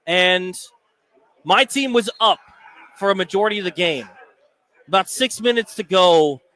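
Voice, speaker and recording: Brief: male sports radio co-host, bright, sharp tone, high voice, playful and teasing. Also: measured pace. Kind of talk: casual sports talk banter. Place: sports bar.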